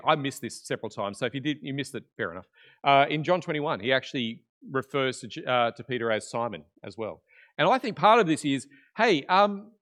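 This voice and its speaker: A man preaching in a conversational way, retelling a Bible story with animated energy that drops to hushed tones at key moments. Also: on the high side. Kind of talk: conversational sermon.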